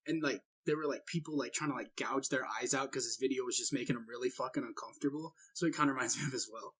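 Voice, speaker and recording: A young man in a casual group chat, profane and quick with wisecracks. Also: medium pitch, fairly bright tone, breathy edge. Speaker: podcast co-host.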